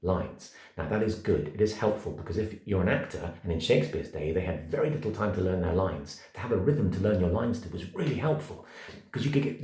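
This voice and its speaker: In a lowish, mellow voice, a middle-aged acting coach leads a masterclass in an echoey room. He's emphatic and rhythmic, stressing single words, spelling words out one by one, and tapping out verse rhythms.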